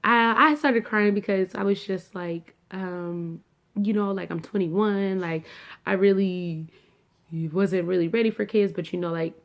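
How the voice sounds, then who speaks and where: A woman's voice: medium pitch, a little slow. A young adult woman vlogging, telling her own story in a casual, chatty way, full of fillers and asides to viewers. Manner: chatty, filler-heavy, addresses viewers as y'all.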